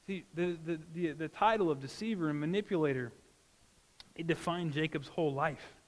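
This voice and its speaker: High-voiced man preaching in a reverberant hall. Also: moderate pace. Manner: earnest, conversational preaching. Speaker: pastor. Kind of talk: sermon. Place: church sanctuary.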